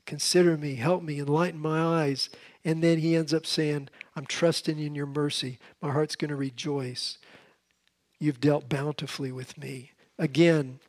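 A man teaching through the Psalms in a relaxed, conversational way, often restarting his sentences. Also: on the high side. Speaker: Bible teacher. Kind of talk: informal Bible teaching. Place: seated, with a drink at hand.

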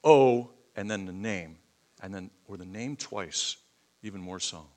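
A middle-aged man preaching a sermon, swelling loud and high to stress points, leading prayer and teaching from the Bible. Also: measured pace. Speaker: pastor.

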